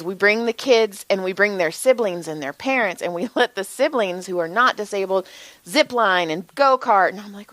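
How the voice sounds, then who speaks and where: Animated woman telling stories, dry sound. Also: medium pitch, dry recording. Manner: animated storyteller acting out quotes, swears. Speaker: podcast co-host, massage therapist. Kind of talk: casual chat, storytelling.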